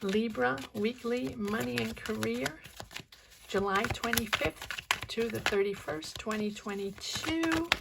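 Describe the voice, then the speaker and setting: Gravelly-voiced woman reading tarot. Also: fairly high pitch, slow, very noisy. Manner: encouraging, repeats key words. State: losing her voice. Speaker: tarot reader.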